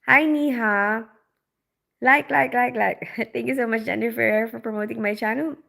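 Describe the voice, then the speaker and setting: Young adult woman raised in the Philippines; chatty livestream host, bright and a bit high. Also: vocal fry. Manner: chatty, quick, laughs often, many fillers. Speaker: livestream host, operating room nurse. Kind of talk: casual livestream chat, reading comments.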